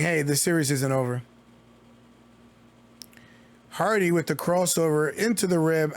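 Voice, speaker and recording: A man calls a basketball game live for his stream, in a casual, talkative play-by-play. His voice sits a little high for a man. He drifts into jokey asides between the plays. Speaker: streamer giving play-by-play commentary.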